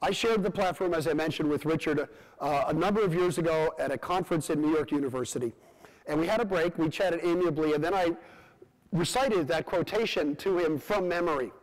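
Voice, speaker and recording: A man with a high-pitched voice lectures from a podium microphone, delivering his points phrase by phrase with deliberate pauses. His words ring out with the long reverb of a large lecture hall. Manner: measured, phrase by phrase with rhetorical pauses. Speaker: plenary lecturer, scientist. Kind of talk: public lecture.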